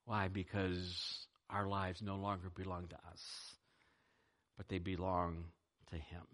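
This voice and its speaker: A man's voice: low voice, monotone, slow, background noise. A man, a pastor, preaching a sermon and leading a closing prayer, speaking earnestly, with rising emphasis and frequent filler words.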